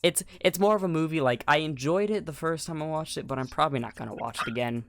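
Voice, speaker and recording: A young man co-hosts a podcast, his high, fast, creaky voice cracking again and again. He rambles in casual, slangy chat, keeps restarting his sentences, and gets animated when he's incredulous.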